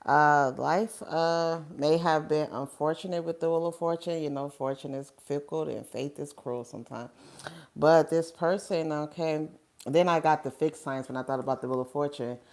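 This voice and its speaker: Low voiced lady doing a tarot reading, chatty and rambling, keeps saying okay and stuff. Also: fairly even intonation, moderate pace, darkish tone. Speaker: tarot reader.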